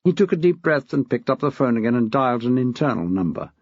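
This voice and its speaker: A man's voice: medium pitch, big pitch swings, quick pace, a little mellow, slightly rough, no echo. A man reading a novel aloud as narrator in a wry, dry storytelling manner, in a dull, dry recording. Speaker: audiobook narrator. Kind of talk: scripted narration.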